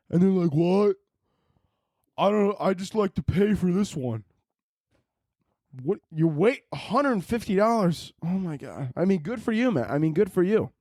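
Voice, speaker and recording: This is a casual podcast rant from a young male host whose high-pitched voice comes through at studio quality with no room sound. He's animated and rambling, swearing often and restarting his sentences.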